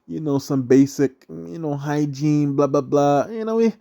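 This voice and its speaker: A man's voice: on the high side, moderate pace, creaky, dark tone. Rambling, profane young man ranting. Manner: rambling and profane, keeps asking "right?", laughs often. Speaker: online religious commentator. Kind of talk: casual rant monologue.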